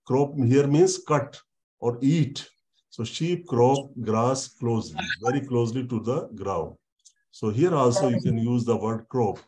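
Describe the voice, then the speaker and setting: A man giving an online university lecture, explaining slowly and repeating words with many fillers. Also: mid-range voice, mellow.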